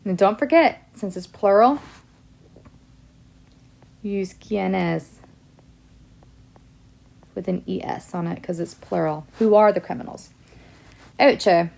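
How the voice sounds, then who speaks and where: A woman with a slightly gravelly edge to her voice walks her students through a Spanish lesson. She reads example sentences in English and Spanish and explains each answer in turn, at a middling pitch. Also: darkish tone. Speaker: Spanish teacher. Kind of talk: classroom lesson video.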